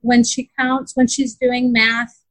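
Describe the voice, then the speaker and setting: A woman's voice: on the high side, level tone, slow, fairly bright tone, no room sound, poor audio. A woman in a casual interview, earnestly telling how her daughter struggled, with many fillers and restarts. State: close to tears. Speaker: parent describing her daughter's learning.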